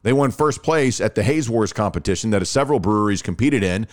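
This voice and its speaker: A man's voice: lowish voice, brisk. A man hosting a podcast who chats casually, tells stories and reads ads with gushing enthusiasm. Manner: excitable, gushing, chatty storyteller. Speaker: podcast host. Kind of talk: casual chat and ad read.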